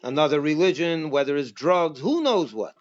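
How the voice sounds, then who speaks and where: In a dull, lo-fi recording, a rabbi with a high, expressive voice leads a Passover class at a normal speed. He teaches with emphasis and keeps throwing rhetorical questions at his audience.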